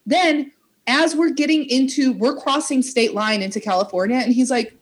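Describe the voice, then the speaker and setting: A woman's voice: high-pitched, normal speed, breathy edge. A woman, telling a long story in casual chat, acting out quotes and swearing as she goes. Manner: animated, acts out quotes, swears, laughs. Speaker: podcast co-host.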